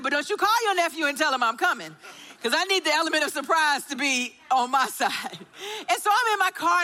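A woman, preaching a sermon as an animated storyteller who acts out the dialogue. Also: sits high.

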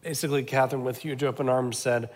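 A middle-aged man shares a story in conversation, earnest and a little rambling, full of fillers and quick asides. His voice sits mid-range, and the room adds a long, hanging reverb. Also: mid-range voice, little pitch movement, a little mellow. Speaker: guest, camp founder.

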